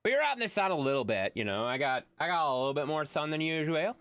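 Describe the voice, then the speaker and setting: A woman live-streams a game, chatting and joking with her viewers, reading their messages aloud and swearing freely in an animated way. Her voice is low-pitched and fast.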